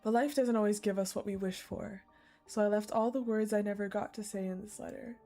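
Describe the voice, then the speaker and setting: A woman's voice: mid-range voice, steady tone, fairly quick, warm tone, faint music behind, lightly acted. A woman reading as a tender loving queen mother.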